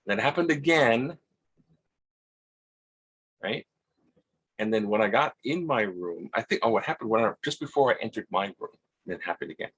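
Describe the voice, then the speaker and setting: A man with a Hawaiian accent telling a rambling personal story, halting, repeating words and acting out quotes in a husky voice. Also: lowish voice, expressive, fairly bright tone. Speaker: vlogger.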